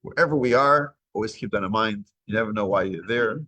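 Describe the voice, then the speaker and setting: A man's voice: fairly low pitch, brisk, fairly bright tone. A man teaching a weekly Torah class, retelling a story and acting out its dialogue. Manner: acts out dialogue in retold stories.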